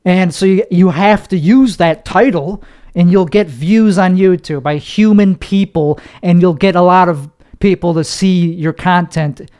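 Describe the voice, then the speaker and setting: A man's voice: high-pitched, unhurried, darkish tone, smooth. A young man hosting a solo podcast monologue, talking in an anxious, rambling way with heavy cursing. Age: young adult. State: nervous. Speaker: podcast host.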